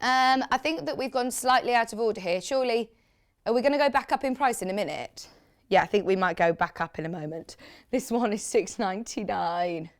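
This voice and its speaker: A woman's voice: medium pitch, a little fast. A woman presenting fabrics on live shopping television, chatty and gushing, reading out viewer comments as she talks. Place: TV studio.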